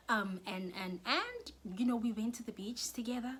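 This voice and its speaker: A young South African woman telling a storytime vlog, animated, often dropping into whispers and rising into shrill bursts. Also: normal speed, slight background noise. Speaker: YouTuber.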